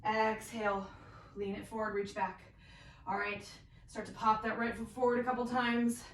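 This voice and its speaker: A woman's voice: fairly high pitch, little pitch movement, moderate pace. A woman teaching a guided yoga class, calling out poses and breaths with encouraging cues while practicing along and a little out of breath. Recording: roomy echo, voice from a distance.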